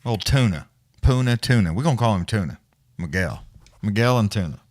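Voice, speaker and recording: A man with a lowish voice hosting a live fight stream, rambling through stories in a loose, profane, laid-back way. He chuckles at his own tangents, and his voice comes across dry and close, with no room sound. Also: lively intonation, fairly quick, no echo. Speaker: livestream host. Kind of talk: casual profane storytelling chat.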